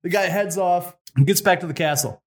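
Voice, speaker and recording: Brief: slightly high-voiced man, podcast co-host spinning a folk tale with crude jokes. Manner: irreverent, swears, fast retold dialogue. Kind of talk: casual comic storytelling.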